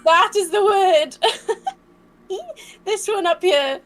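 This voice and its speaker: Casting: high-voiced woman from wales, giggly co-host, casual stream chat. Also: takes it slowly, fairly bright tone. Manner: giggly, laughs often.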